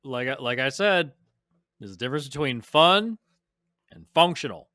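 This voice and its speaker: Lively, bright-voiced laughing man. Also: mid-range voice, normal speed, dry recording. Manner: laughs often, teasing. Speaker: podcast co-host. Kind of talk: casual podcast chat.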